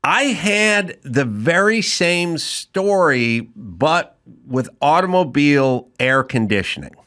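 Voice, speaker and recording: An American man hosts a casual podcast conversation, letting his stories unfold slowly. His voice has a bright, forward edge, and he laughs easily between thoughts. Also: on the high side, lively intonation. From San Fernando Valley, California. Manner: laid-back storytelling, laughs easily. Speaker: podcast host. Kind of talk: casual chat.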